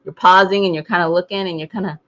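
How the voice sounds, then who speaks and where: Low-voiced woman chatting about books. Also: fast, dull audio. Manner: animated, mimics voices with laughter. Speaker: podcast co-host. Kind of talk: casual book club discussion.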